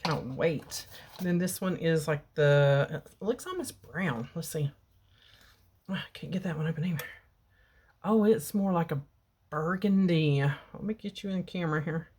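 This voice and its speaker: A middle-aged woman with a slightly low voice talks through her nail supply haul in a relaxed, chatty way. She sits at home with the camera mic picking her up, pausing to peer at colors. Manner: chatty, baby-talks her cat in a high cooing voice. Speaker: beauty vlogger. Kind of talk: casual product haul chat. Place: home bedroom.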